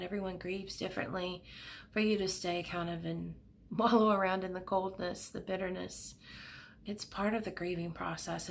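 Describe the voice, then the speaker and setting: A middle-aged woman giving a pick-a-card tarot reading at her desk at home, speaking gently and emotionally, with soothing pauses. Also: lowish voice, creaky, a little hiss or hum.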